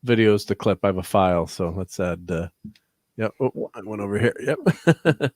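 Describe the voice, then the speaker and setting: A man's voice: fairly low pitch, animated, normal speed, a little mellow, no room sound, clean studio sound. A middle-aged man hosting a casual livestream chat, laid-back and chuckling often. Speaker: host.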